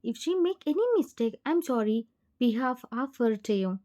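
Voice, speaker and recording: A woman voicing a gentle middle-aged mother who speaks softly and pleadingly. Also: on the high side, lively intonation, moderate pace, natural voice. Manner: soft, pleading.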